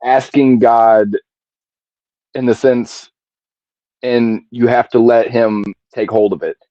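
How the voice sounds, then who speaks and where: A man talking on a video call in a casual stream chat, halting and searching for words with many fillers. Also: mid-range voice, steady tone, mellow, dry recording, highs cut off.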